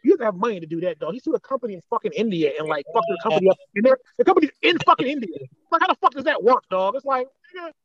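A man co-hosting a podcast in casual chat, riffing in a rapid, rambling, profane way with street slang. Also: extremely high pitch, lively intonation, dull audio, crowd noise. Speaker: podcast co-host.

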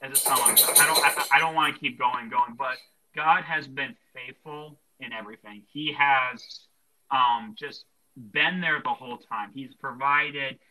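A man's voice: medium pitch, unhurried, sharp tone, a little hiss or hum, low-quality recording. A young man hosting a casual Christian podcast, talking earnestly and rambling with lots of fillers and restarts. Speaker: podcast host.

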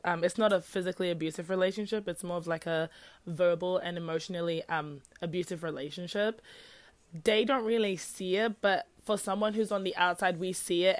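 A woman's voice: lowish voice, no room sound. A young woman hosting a faith-based talk, speaking earnestly and firing off rhetorical questions in a casual teaching style. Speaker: podcast host.

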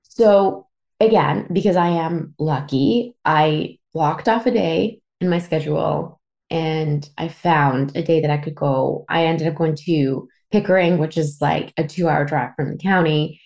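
A woman's voice: low-pitched, a little slow, gravelly, darkish tone, muffled recording. Tearful Canadian woman in her thirties. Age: 30s. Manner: emotional, swearing, lots of fillers. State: tearful at times. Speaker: podcast host. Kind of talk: candid personal storytelling.

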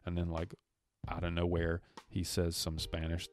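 A man's voice: deep voice, completely flat delivery, normal speed, darkish tone, a little hiss or hum. A man co-hosting a podcast, loosely retelling a film's scenes and acting out the characters' lines. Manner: loose, rambling, many restarts. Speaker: podcast co-host. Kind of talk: casual movie recap chat.

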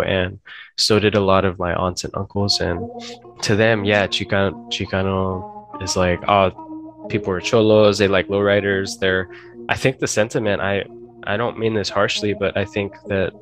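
His voice is lowish and a bit bright. As host of a podcast, he talks bluntly and earnestly through a casual discussion, frequently stopping to correct himself.

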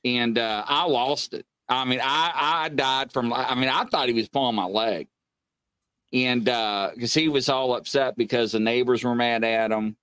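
A man's voice: mid-range voice, moderate pace, a bit bright, smooth, dry recording. A man, hosting a casual live-stream chat and telling funny stories. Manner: joking storyteller, laughs often. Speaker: show host.

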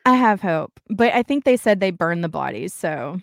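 A woman's voice: on the low side, normal speed, vocal fry, no room sound, clean studio sound. Chatty woman recapping a book. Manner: animated, acts out characters' lines while recapping. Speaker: podcast co-host. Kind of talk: casual book chat.

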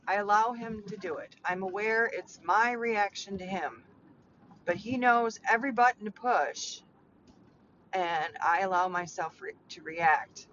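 A woman's voice: medium pitch, expressive, moderate pace, fairly bright tone. A middle-aged woman hosting her own podcast, talking in a rambling, chatty way full of fillers. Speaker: podcast host, clarity coach. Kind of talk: casual personal monologue. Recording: slightly dull lo-fi sound with faint noise.

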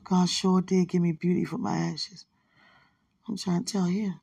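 Soft-spoken woman with a gravelly, husky voice, murmuring an intimate late-night phone message from bed. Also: lowish voice, level tone, moderate pace, dry recording. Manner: soft, hushed, rambling and affectionate, often religious. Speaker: partner leaving a voice message. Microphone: phone held close to the mouth.

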